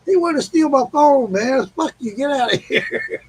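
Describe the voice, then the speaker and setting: A man's voice: very high voice, expressive, normal speed, no room sound, poor audio. A man co-hosting a casual livestream, greeting viewers and telling a profane story. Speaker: livestream co-host.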